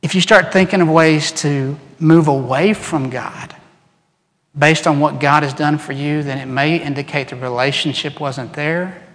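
A man preaching a sermon as pastor, animated, acting out quoted voices and dropping to soft, earnest tones. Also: fairly high pitch, unhurried. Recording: long reverb in a large hall.

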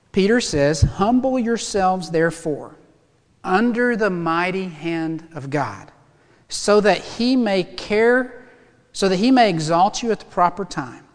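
Male pastor, high-pitched, lively sermon delivery with humor, recorded in a echoey sanctuary. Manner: animated, emphatic preaching with humor.

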